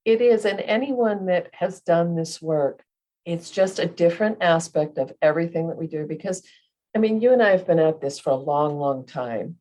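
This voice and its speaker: A woman's voice: on the low side, moderate pace, mellow. A woman co-hosting a spiritual podcast, talking in a rambling way and often stopping to search for her words. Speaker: podcast co-host, medium. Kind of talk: casual spiritual chat.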